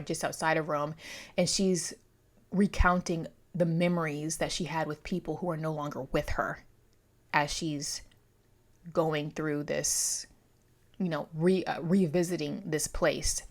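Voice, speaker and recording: Young woman book vlogger, lowish voice, chatty and rambling, off-the-cuff. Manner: chatty, rambling, self-correcting. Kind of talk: casual chat.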